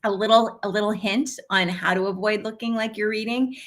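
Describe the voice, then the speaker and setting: A middle-aged woman teaching a live online class as an on-camera coach, with clear, emphatic delivery that stresses key words. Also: medium pitch, fairly even intonation, fairly quick, a bit bright.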